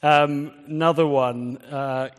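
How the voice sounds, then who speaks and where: A man's voice: on the high side, steady tone, slow, clean tone. A man preaching a sermon in a conversational way, quizzing the audience. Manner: conversational, engages the audience with quiz questions. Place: church. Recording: reverberant church hall.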